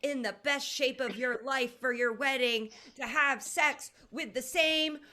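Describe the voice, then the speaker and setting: A woman from Indiana, in her thirties, performing a stand-up comedy set in a casual, deadpan way with lots of ums. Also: sits high, a little slow. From Indiana, USA. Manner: deadpan, conversational, with filler ums. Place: comedy venue with live audience.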